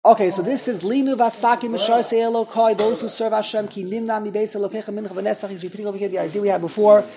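A man's voice: high voice, steady tone, quick pace, mellow. A man teaching an informal Torah class, chatty and digressive, making fun of himself. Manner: digressive, chatty, self-deprecating.

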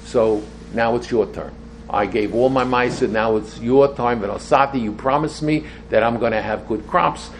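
Older guy teaching a torah class, gets loud and excited, rambles, slips in hebrew. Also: medium pitch, a little hiss or hum. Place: room with a small audience.

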